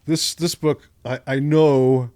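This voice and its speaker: An older man talking as a guest on a podcast, dry and musing, with a deadpan manner and frequent restarts. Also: mid-range voice, takes it slowly, dry recording. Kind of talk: casual podcast conversation. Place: podcast studio.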